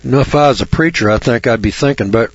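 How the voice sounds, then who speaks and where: Folksy, blunt male radio host with a husky voice, recorded dry and close. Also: mid-range voice, very fast, no room sound, muffled recording. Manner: folksy, blunt, frequent throat clearing. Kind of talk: radio talk monologue.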